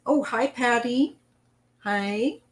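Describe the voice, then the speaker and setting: A woman's voice: a little high, very slow, rough recording. A woman hosting a live tarot stream who chats loosely, greets viewers by name and wanders between thoughts while reading the cards. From western United States.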